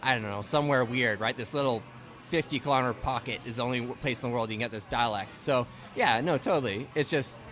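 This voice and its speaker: A man's voice: medium pitch, fast, a bit bright, soft background music. Chatty man hosting a podcast. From Ontario, Canada. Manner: chatty, many filler "like" and "right". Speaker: podcast host. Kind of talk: casual chat.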